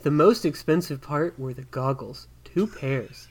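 A man's voice: on the high side, a little slow, husky. A man co-hosting a comedy podcast, reading forum posts aloud with a self-mocking manner and exasperated bursts.

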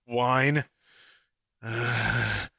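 A man's voice: mid-range voice, steady tone, drawn-out words, gravelly, sharp tone, slightly rough, dry recording, studio quality. A man reading a game review aloud for laughs in a drawling, relishing way, as a comedy podcast co-host.

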